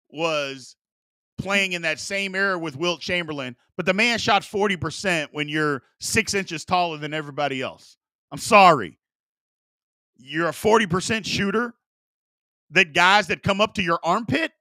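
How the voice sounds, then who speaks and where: Casting: male sports talk host, slightly high, forceful voice, insistent and repetitive, dry close mic. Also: measured pace, no echo. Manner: emphatic, repeats himself for emphasis.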